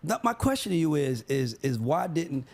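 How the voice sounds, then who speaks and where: A man's voice: on the high side, big pitch swings. A man hosting a casual interview, chiming in eagerly and asking questions. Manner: enthusiastic, quick interjections. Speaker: show host.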